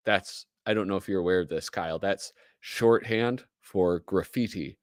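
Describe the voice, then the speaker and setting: A man's voice: low voice, moderate pace, few pauses, no room sound, clean studio sound. A man with a Midwestern American accent, hosting a casual livestream, chatty and joking as he reads aloud. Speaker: host.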